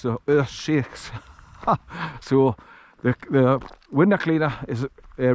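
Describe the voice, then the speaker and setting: A man's voice: mid-range voice, a little mellow. Chatty man walking a hill track. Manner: chatty and rambling, with frequent chuckles. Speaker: vlogger walking his dog. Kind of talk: casual walk-and-talk narration. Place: outdoors on a hill track in the countryside. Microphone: action camera carried while walking.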